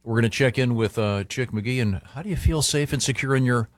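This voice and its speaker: Man, radio host, halting intros, mid pitch, dry studio sound. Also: no room sound. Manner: halting, full of uh fillers. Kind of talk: live radio hosting.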